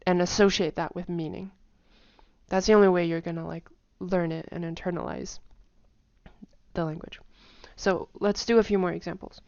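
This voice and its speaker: A woman casually explaining tone patterns in a lesson, talking in a chatty way with lots of fillers and humming or singing syllables to show pitch. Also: steady tone, normal speed, creaky, darkish tone, dry recording, lo-fi sound. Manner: chatty, many fillers, hums and sings tone patterns. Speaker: language teacher.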